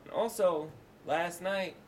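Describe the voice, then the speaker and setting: A man's voice: high-pitched, takes it slowly, slight background noise. A man, a rabbi, giving a casual lecture built on stories, talking in a loose, chatty way with many fillers.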